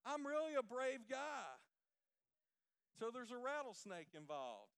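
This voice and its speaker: A man preaching a sermon through folksy, emphatic, animated stories. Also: very high voice, unhurried, creaky, pauses often, clear, resonant tone, no room sound. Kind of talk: storytelling sermon.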